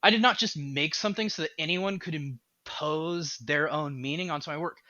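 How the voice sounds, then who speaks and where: Male podcast guest, game dev; slightly high, sharp voice, animated and rambly, dry lo-fi sound. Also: normal speed, dry recording. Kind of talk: casual podcast chat.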